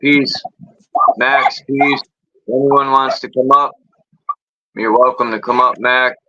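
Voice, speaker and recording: A man's voice: mid-range voice, fairly even intonation, slow pace, sharp tone, dull audio. An American man hosting a live voice chat, joking loosely and swearing casually. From United States.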